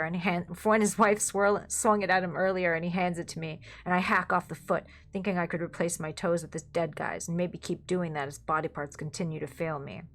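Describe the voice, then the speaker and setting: Woman reading a dark comic tale. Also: lowish voice. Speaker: story reader. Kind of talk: dark comedic story reading.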